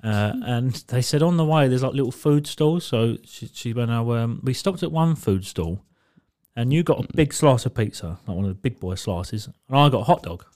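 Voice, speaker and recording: A man's voice: medium pitch, animated, normal speed, a little mellow. Sweary man telling a story. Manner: rambling and sweary, laughing through his own story. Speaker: podcast co-host. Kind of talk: casual storytelling chat.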